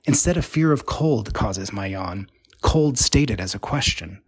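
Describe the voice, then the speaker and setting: A man narrating a literary story in a wry, rhythmic, deadpan way. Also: lowish voice, unhurried, husky, dry recording.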